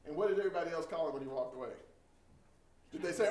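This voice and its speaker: A middle-aged man from Texas leads a training session, telling stories with animated flair. His voice sits a bit high for a man. He is picked up from across an echoey room, with a faint hum underneath. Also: very fast, recorded from a distance. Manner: animated storyteller, acts out quoted voices. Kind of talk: storytelling training talk.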